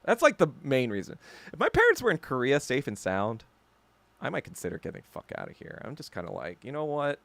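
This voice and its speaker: A man's voice: mid-range voice, wildly swooping pitch, normal speed, creaky, pauses often, a bit bright, dry recording. A man hosting a podcast alone, ranting in a heated, profane, emphatic way. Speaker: podcast host. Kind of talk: solo ranting commentary.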